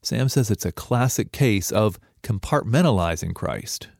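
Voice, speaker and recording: A man's voice: on the low side, expressive, a little slow, gravelly, a little mellow, dry recording, clean studio sound. A man narrating a news feature in a conversational tone, speaking straight to the listener.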